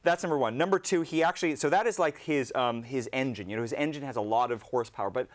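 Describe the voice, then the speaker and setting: A man appearing as a guest on a startup webcast, talking about founders in a lively, energetic way. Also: medium pitch, fast talker. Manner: lively, hyperactive talker. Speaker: guest investor. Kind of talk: casual interview chat.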